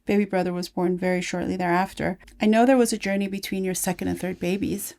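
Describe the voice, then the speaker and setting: Middle-aged woman, podcast host, midwife; gravelly, lively storyteller. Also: fairly low pitch, fast. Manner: warm storytelling, acts out voices. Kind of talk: casual conversation.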